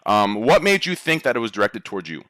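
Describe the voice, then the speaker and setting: Casting: male podcast host, bright, bossy organizer, dry close sound. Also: fairly low pitch, sing-song, quick pace, no echo. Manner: bossy, organizing, talks over others. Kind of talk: casual podcast chat.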